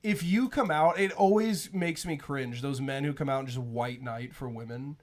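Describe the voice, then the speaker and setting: A man's voice: medium pitch, normal speed, crowd noise. A man co-hosting a podcast in brash, profane casual chat, often mimicking people. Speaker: podcast co-host.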